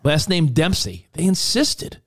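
A married man co-hosting a casual chat, telling rambling stories with animated bursts. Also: fairly high pitch, a little slow. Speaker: co-host.

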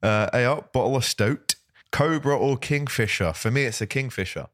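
A man's voice: medium pitch, normal speed, a bit bright, no echo, studio quality. A man hosting a casual live stream, chatting with a guest and reading out viewer comments in a jokey way. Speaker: host.

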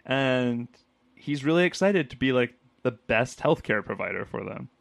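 A man co-hosting a podcast in a relaxed chat. He is chatty, laughs often and drops into quick impressions. His voice sits mid-pitch and sounds dry and close. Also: vocal fry, no room sound. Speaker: podcast co-host. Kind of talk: casual chat.

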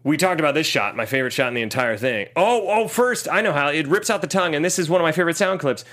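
A man's voice: a little high, expressive, quick pace, a bit bright. A man casually recapping a movie with a friend, swearing and acting out characters' lines. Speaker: podcast co-host.

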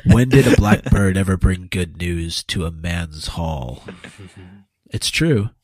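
A man on a podcast explaining a point in a measured way. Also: deep voice, expressive, a little mellow, dry recording, clean studio sound. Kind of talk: casual book-discussion chat.

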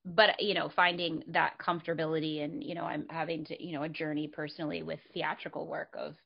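A woman actor chatting casually, animated and candid, acting out her own past reactions and swearing freely. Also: low voice, brisk, creaky. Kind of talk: casual conversation. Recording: dull lo-fi sound.

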